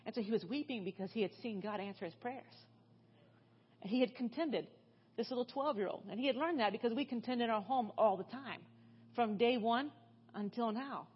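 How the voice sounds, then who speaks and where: A woman's voice: a little high, breathy edge, muffled recording. A middle-aged woman giving a sermon in a church, telling stories in a chatty way full of fillers and restarts. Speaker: guest speaker. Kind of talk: storytelling sermon.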